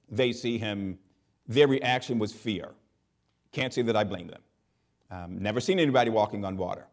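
A man preaching a sermon, reading scripture slowly and emphatically, with dramatic rises in pitch and loudness.

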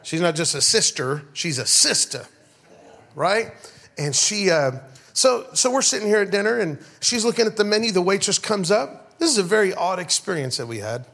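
Man, pastor, middle-aged, sermon, slightly high voice, call-and-response with the crowd. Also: expressive, fairly quick, vocal fry, fairly bright tone. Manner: storytelling, call-and-response with the congregation. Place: church sanctuary.

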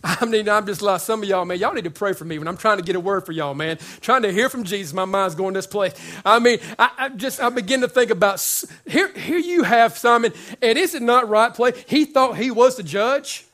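A man's voice: high-pitched, brisk, hardly any pauses, sharp tone. A man preaching a sermon to his congregation in a conversational, joking way, often repeating words as he builds up. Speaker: pastor.

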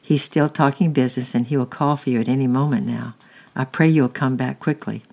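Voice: a little fast, creaky, darkish tone. A reader doing a frantic old nurse. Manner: shrill, pleading.

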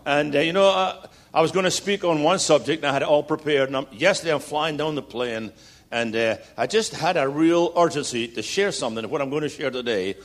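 A man preaching as a guest speaker, building to loud repeated declarations and slipping in jokey stories. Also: on the high side, fairly quick. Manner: jokey storytelling asides. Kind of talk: sermon.

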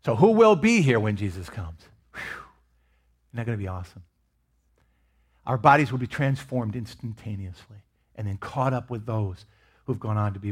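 A male pastor delivers a sermon with a husky, slightly rough voice at an ordinary pitch. He swings between raised, emphatic lines and quiet, nearly whispered asides. His delivery is expressive and conversational.

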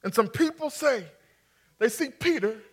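A man's voice: very high voice, animated, measured pace, slightly rough. A man preaching a sermon, acting out scripture scenes and coaxing his congregation to respond. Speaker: pastor.

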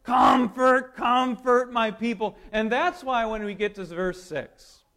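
Speaking slowly in a very high-pitched voice, a man preaches a dramatic sermon. His delivery swings between loud pronouncements and almost-whispers, with light laughter mixed in.

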